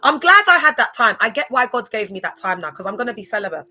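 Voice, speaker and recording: A woman's voice: fairly high pitch, very animated, fast talker, pushed and bright. A young woman chatting casually to viewers on a livestream, laughing often. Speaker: livestream host.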